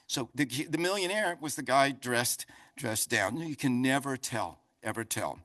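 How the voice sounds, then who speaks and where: Older man, New Jersey accent, animated motivational speaker, bright voice. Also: mid-range voice, unhurried. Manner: loud, talkative, animated storyteller. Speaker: keynote speaker. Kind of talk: motivational speech. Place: conference center.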